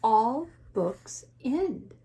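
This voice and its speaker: A woman reading a picture book aloud, voicing a sweet, clever female pig in a calm, slow, matter-of-fact way. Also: a little high, husky, full character voice.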